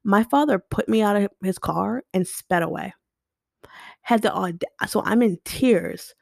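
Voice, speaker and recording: Gravelly-voiced young woman venting bluntly. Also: medium pitch, a little slow, a little mellow, no echo, clean studio sound. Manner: blunt and emotional, frequent swearing. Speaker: podcast host. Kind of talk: unscripted personal monologue. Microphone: home podcast mic.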